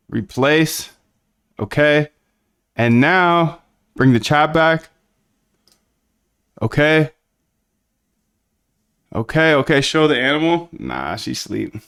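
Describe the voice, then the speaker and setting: In a casual live-coding stream, a man thinks out loud while working, chatty and relaxed. His voice is on the high side, a bit bright and clean in tone, and he speaks slowly with long pauses.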